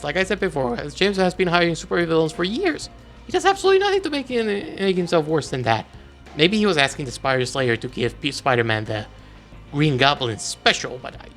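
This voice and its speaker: A man giving a comics video essay, ranting in an exasperated, animated way. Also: medium pitch. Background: faint background music.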